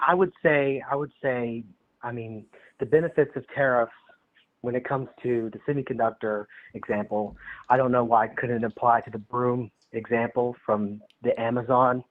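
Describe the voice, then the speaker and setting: A man calling in to a political debate, hesitant and halting, often restarting his sentences. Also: mid-range voice. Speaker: guest in political conversation. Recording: tinny phone line.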